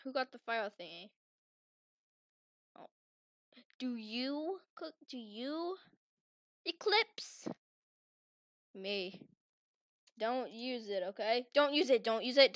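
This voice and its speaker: Girl gaming with friends, high bright voice, slow drawn-out lines, dramatic fake anger, giggles a lot. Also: dry recording. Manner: theatrical, swings from mock fury to shouting; teasing, giggly. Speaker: gaming channel host. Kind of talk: playful game commentary with friends.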